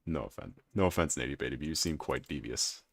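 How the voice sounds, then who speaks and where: A man with an extremely deep, gravelly voice, chatting casually with his live-stream chat while playing a game and teasing viewers. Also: quick pace. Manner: chatty, teasing, reads and answers chat aloud.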